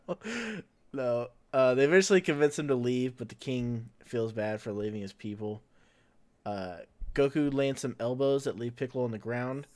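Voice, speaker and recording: A man's voice: medium pitch, moderate pace, darkish tone. Chatty man recapping on a podcast. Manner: chatty, laughs often, fills in with "like" and "uh". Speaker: podcast host recapping an anime episode.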